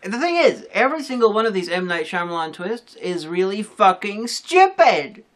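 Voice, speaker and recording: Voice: medium pitch, sing-song, moderate pace, fairly bright tone. Blunt, scornful co-reviewer with a mid-range voice, casual chat.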